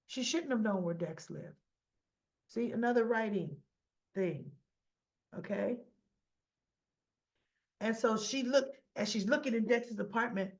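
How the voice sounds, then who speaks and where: A woman's voice: fairly high pitch, measured pace, pauses often. A woman hosting a casual, opinionated recap of a soap opera, talking straight to her viewers and acting out the characters' lines.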